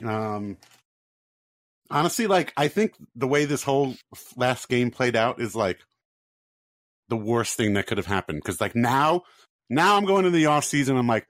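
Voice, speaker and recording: A man's voice: medium pitch, lively intonation, normal speed, pauses often, a bit bright, no room sound. Exasperated man in sports chat. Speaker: podcast co-host. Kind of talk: casual sports talk.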